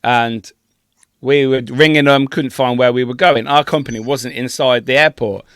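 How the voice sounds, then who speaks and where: Sweary, animated podcast guy. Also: medium pitch, normal speed, clear, resonant tone, no room sound, studio quality. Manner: sweary, laughing, animated storyteller. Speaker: podcast co-host. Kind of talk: casual storytelling chat.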